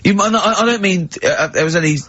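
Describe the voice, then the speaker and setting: Man, radio host, husky, animated storytelling, lo-fi radio sound. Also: sits high, fast talker. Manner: animated storyteller who acts out other people's lines. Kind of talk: casual radio banter. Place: radio studio. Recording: lo-fi radio recording.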